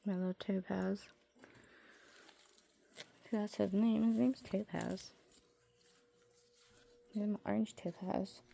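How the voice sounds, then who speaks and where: A woman chatting casually in a home basement as she shows her pet tarantulas. She rambles, trails off mid-sentence and coos softly at her animals. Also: mid-range voice, steady tone, takes it slowly, vocal fry, long pauses. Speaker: pet keeper showing her tarantulas and fish. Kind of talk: casual vlog chat.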